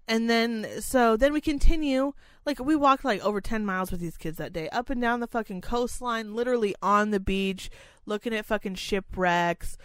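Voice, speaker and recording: A woman's voice: moderate pace, a bit bright, clear, resonant tone, no room sound. Profane, exasperated woman telling a story. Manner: profane, exasperated, sarcastic ranting; acts out others in high mocking voices. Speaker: parent chaperone telling a story. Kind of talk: casual storytelling chat.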